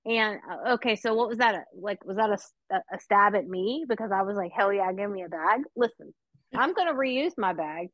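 A woman hosting a casual talk show, telling animated, profane stories and laughing often. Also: medium pitch, fairly quick, no echo, lo-fi sound. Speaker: podcast host. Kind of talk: casual storytelling chat.

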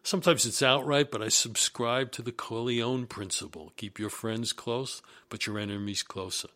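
Emphatic storytelling man. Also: mid-range voice. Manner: deliberate, emphatic, animated. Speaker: executive telling career stories. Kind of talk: storytelling monologue.

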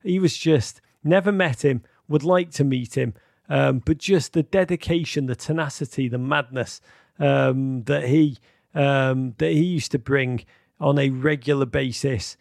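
A middle-aged man hosting a live call-in show, rambling and repeating words as he speaks warmly and emotionally to callers. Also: medium pitch, measured pace, vocal fry, dry recording, clean studio sound. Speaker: podcast host taking callers.

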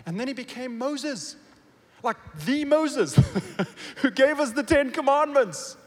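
A man preaching a sermon, swinging from loud emphatic bursts to quiet low asides and asking the congregation questions. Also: lively intonation, slow pace. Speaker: pastor. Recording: long reverb of a big hall.

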